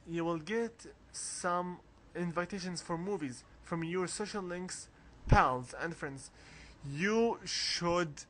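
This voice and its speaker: Man, let's play commentary, unhurried drawl, slightly high voice, coughs a lot, faint hiss behind. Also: fairly bright tone. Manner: rambling, coughs often, reads game text aloud. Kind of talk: casual game walkthrough commentary.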